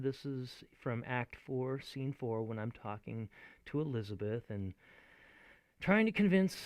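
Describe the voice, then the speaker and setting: A man teaching in a chatty, animated way, often laughing as he explains. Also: mid-range voice, dry recording. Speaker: acting teacher. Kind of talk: video lesson.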